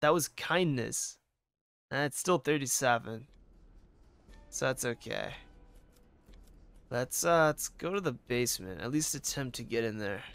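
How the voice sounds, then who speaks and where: A man's voice: medium pitch, expressive, unhurried, pauses often, fairly bright tone, clear, resonant tone. A man giving casual gameplay commentary, wry, crude and offhand. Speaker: let's-play commentator.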